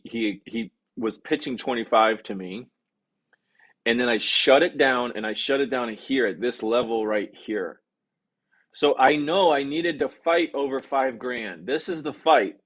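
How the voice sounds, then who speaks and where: A sales coach with a mid-range voice leads a live-streamed negotiation class. He keeps things lively and casual, reads viewers' comments out loud, and frequently checks in by asking "okay?"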